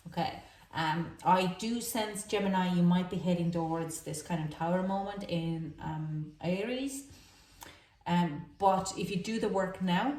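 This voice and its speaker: Halting, emotional woman reading tarot, echoey room. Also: lowish voice, a little mellow, recorded from a distance. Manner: halting, emotional, many fillers and restarts. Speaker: tarot reader. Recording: echoey room, voice a little off-mic.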